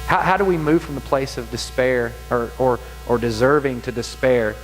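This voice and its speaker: A man preaching a sermon, reading scripture aloud with passionate, dramatic emphasis and slow, stretched-out phrases. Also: mid-range voice. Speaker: pastor. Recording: long hall reverb with faint music and hum.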